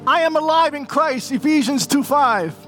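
A man's voice: extremely high pitch, animated, normal speed, fairly bright tone, faint music behind. A middle-aged man, a pastor, preaching an emotional sermon and telling a personal story, calling his listeners family.

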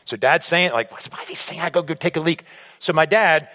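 A man telling a personal story to an audience on stage in an animated way, acting out scenes and often stammering and repeating words. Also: fairly high pitch, a little fast. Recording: long hall reverb.

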